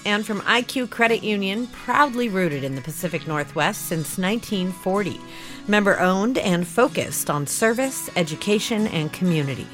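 A female station announcer reads promos and sponsor credits, her pitch rising and falling in an animated way. Faint music sits quietly under her studio read. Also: moderate pace. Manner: warm, lively announcer reading. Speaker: public radio station announcer.

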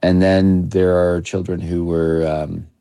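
A man in his thirties, a documentary filmmaker, giving measured, reflective interview answers with frequent restarts. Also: low voice, flat delivery, dark tone, clear, resonant tone, no room sound. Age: 30s. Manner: measured, with many restarts and hedging fillers.

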